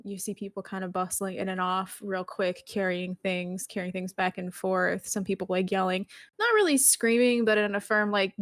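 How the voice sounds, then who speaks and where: A woman's voice: medium pitch, no room sound, studio quality. A woman narrating a tabletop game as game master, rambling with many fillers.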